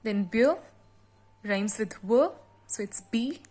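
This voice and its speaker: A woman teacher explaining a sonnet's meter and rhyme scheme in a slow classroom lesson, with frequent pauses and fillers. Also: a little high, animated, warm tone. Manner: reads the poem aloud slowly with extra stress. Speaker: literature teacher.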